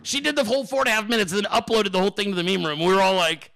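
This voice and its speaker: A man's voice: rapid-fire, gravelly, few pauses. A middle-aged man hosting his own podcast, telling a story in a loose, profane way and then ranting, with mimicked voices thrown in. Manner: animated, profane, mimics others in high voices. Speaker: podcast host. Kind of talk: casual storytelling and political rant.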